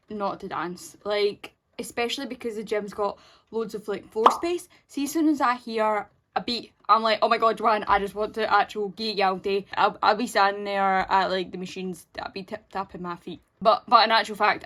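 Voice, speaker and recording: A woman's voice: medium pitch, a bit bright. A young woman chatting casually in a vlog, rambling along with frequent restarts. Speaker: vlogger.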